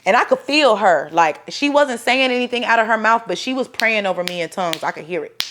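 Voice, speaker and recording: Young woman telling her own story, lively, does everybody's voices, cusses a lot. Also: on the high side, a little fast. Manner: animated, acts out other people's voices, swears freely. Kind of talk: casual storytelling.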